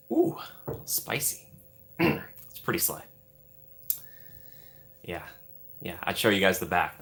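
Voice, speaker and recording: Lively, bright-voiced male streamer. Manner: upbeat and playful, greeting chatters by name with big swings in pitch. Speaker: livestream host. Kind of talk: casual live-stream chat with viewers.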